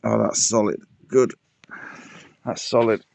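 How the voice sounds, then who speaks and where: Man, slow unhurried DIY vlogger, winded; dry, close sound. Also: lowish voice, fairly even intonation, vocal fry, a little mellow, dry recording. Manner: muttering, self-talking while working. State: out of breath. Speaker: pond keeper vlogger. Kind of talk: casual DIY vlog commentary. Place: outdoors by a garden pond.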